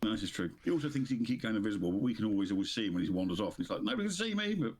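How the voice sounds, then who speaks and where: A man playing a tabletop game chats in character and cracks jokes as he goes. He talks quickly in a fairly low voice. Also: darkish tone, slightly rough. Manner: chatty, joking, in character. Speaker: player.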